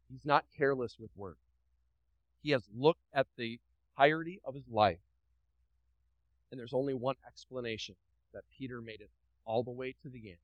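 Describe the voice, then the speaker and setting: A man's voice: mid-range voice, no room sound, rough recording. A pastor delivering a sermon to his congregation. He preaches emphatically, repeats phrases, asks the room questions and drops light joking asides.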